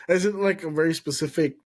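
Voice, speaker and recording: Hosting a casual podcast interview, a man keeps agreeing with his guest, dropping frequent "mm-hmm"s and laughing along. His voice is a little high with a darkish tone, and he talks at a normal speed.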